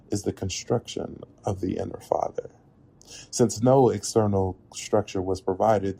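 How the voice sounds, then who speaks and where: A man with a very deep, gravelly voice delivers a reflective spoken essay. His tone is dark and husky, and his pacing is measured and earnest. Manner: measured, earnest, with occasional laughs at slips. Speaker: narrator.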